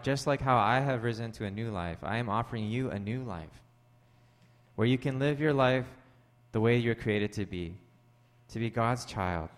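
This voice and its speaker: A man's voice: medium pitch, long reverb tail. A man preaching a sermon as pastor, conversational, mixing scripture with jokey asides to the congregation. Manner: conversational, jokey asides, rising animated when joking. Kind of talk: sermon with storytelling.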